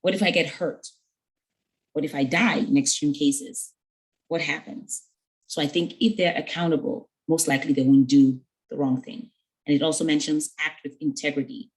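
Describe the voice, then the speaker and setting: A woman's voice: low-pitched, darkish tone, low-quality recording. A woman giving an earnest mentoring talk to young women, conversational and full of stories with quoted dialogue. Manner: conversational with fillers.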